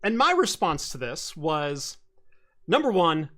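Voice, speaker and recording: A man hosts a casual tech podcast with a bright, forceful voice pitched a bit high. He rambles animatedly through stories, with plenty of fillers and restarts. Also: very animated, takes it slowly. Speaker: podcast host.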